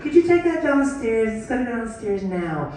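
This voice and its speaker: A man's voice: extremely high pitch, big pitch swings, moderate pace, a little mellow, pitched above the performer's own voice. A man doing a sweetly bossy wife. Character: demanding wife giving her husband chores. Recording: echoey hall, distant mic, audience noise.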